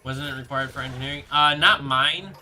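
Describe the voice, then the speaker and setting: A young man streaming a game, rambling casually and answering chat with halting restarts. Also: medium pitch, sharp tone. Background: background music.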